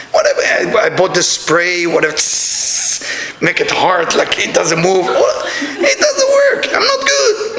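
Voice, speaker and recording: A man's voice: high-pitched, gravelly, sharp tone. A middle-aged man giving a spiritual lecture as a Kabbalah teacher, telling emphatic stories in non-standard English. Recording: echoey room.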